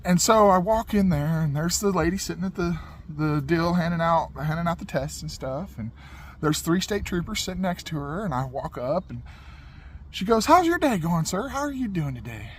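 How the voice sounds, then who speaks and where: A man's voice: fairly high pitch, moderate pace, a little hiss or hum. Rambling young man telling a story. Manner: rambling, repetitive, laid-back. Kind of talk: casual personal storytelling.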